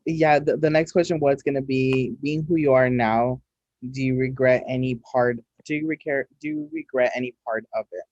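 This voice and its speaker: A man interviewing a guest over a video call, gentle and hesitant with many pauses. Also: medium pitch, fairly even intonation, no echo. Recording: dull dry video-call audio.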